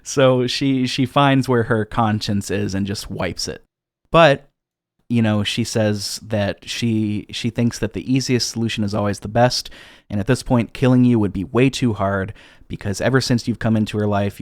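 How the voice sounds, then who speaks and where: A man's voice: on the low side, normal speed, no echo, studio quality. A man co-hosting a casual podcast, recapping a game's story with plenty of fillers and restarts. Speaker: podcast co-host.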